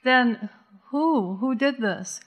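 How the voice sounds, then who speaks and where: A woman voicing a frightened mother who pleads and stammers with her daughter. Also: fairly high pitch. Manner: anxious and halting, stammering.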